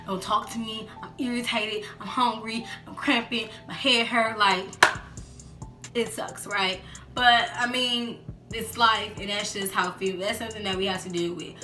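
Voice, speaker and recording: A young woman chatting casually in a storytime vlog, acting out quotes in lively voices. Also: mid-range voice, normal speed. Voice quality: animated, acts out quotes in voices. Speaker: vlogger. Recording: roomy echo with background music.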